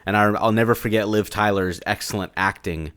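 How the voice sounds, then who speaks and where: Excitable low-voiced man talking movies. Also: a little fast, clean tone. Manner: excitable, animated quoting of characters. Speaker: podcast co-host. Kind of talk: casual movie review chat.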